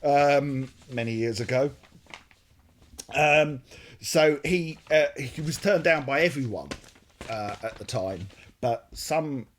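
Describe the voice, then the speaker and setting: A man's voice: medium pitch, slow pace, slight background noise. Rambling, jokey man co-hosting. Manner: rambling, jokey, self-correcting. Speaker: co-host. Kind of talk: casual chat.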